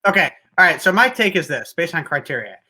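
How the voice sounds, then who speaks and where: Young guy hosting sports talk, bright voice, rambles and hedges a lot. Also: on the high side, sing-song, quick pace, breathy edge. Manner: rambling, hedging, lots of restarts. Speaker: sports talk show host.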